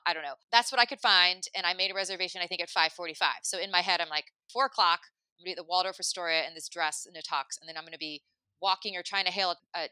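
Bright, chatty woman telling a story. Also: lowish voice, smooth, no echo. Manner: chatty, lots of "like", animated asides. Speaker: podcast host telling a story. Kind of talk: casual storytelling chat.

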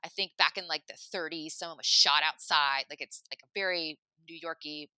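Bright, chatty woman telling a story. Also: deep voice, brisk, clear, resonant tone, no echo. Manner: chatty, lots of "like", animated asides. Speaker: podcast host telling a story. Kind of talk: casual storytelling chat.

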